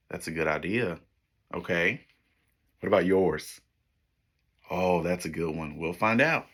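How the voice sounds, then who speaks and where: A man with a low, slightly bright voice reads a picture book aloud to young children, unhurried and with long pauses. He encourages them, praises them often, and points out the pictures.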